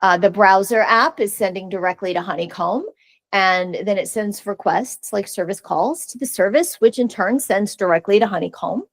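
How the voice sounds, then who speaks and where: Woman speaker at a tech meetup, relaxed chatty delivery, mid-pitched, dry recording. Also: moderate pace, dry recording. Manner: casual, chatty, frequent fillers and restarts. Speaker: conference speaker. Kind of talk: technical presentation. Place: meeting room.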